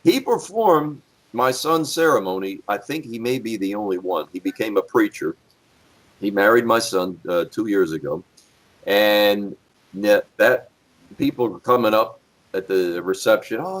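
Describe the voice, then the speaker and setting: Middle-aged man, podcast guest, former cop, blunt, profane, animated pitch, lowish voice. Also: unhurried. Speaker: guest, former police officer. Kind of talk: casual podcast storytelling.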